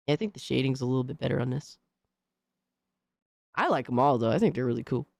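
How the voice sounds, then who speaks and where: A woman hosting a casual livestream, reacting to things in an excitable, slangy, profane way. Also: rumbling low, fast, vocal fry, no echo. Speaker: livestream host.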